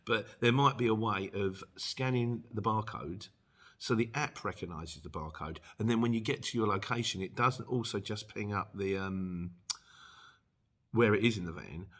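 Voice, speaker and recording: A man's voice: fairly low pitch, fairly bright tone. A middle-aged man, hosting a casual Q&A and chatting jokily through viewer comments. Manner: chatty and jokey, chuckles often. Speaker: channel host answering viewer questions.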